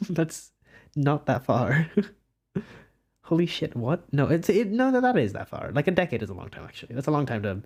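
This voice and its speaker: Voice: mid-range voice, big pitch swings, moderate pace, pauses often, darkish tone, husky. A nineteen-year-old streamer chatting casually on a live stream while drawing, giggly and self-mocking. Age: about 19.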